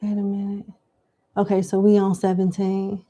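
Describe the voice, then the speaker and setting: A woman's voice: medium pitch, completely flat delivery, moderate pace, dark tone. A woman giving live tarot question readings in a casual, slangy, chatty way. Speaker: tarot reader.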